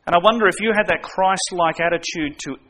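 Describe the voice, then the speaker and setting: A man's voice: sits high, fairly quick, pushed and bright, a little hiss or hum. A man preaching a sermon, earnest, making his points with everyday stories and direct questions to the congregation.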